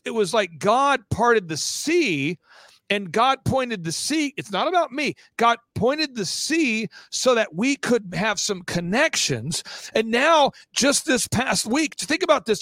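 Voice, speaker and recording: A man as an interview guest, telling a story quickly and excitedly and acting out the voices of the people in it. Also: very high voice, dry recording. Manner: excitable, acts out quoted voices. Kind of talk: fast animated storytelling.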